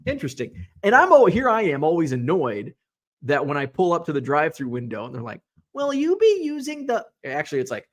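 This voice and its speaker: A middle-aged man hosts a relaxed live stream in a fairly high voice. He reads out viewer comments and chats back in an easy, animated way. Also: fast talker. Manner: chatty, animated, reads comments aloud and reacts. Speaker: host.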